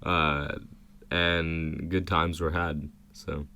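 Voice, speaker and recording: A young man co-hosting a podcast, relaxed and agreeable in casual chat. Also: a bass voice, extremely slow, smooth. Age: young adult. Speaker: podcast co-host.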